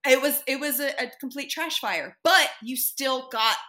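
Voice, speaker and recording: Bright, high-voiced animated woman. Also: normal speed. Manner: animated, laughing, acts out quotes. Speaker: podcast guest, comedy show producer. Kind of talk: casual chat.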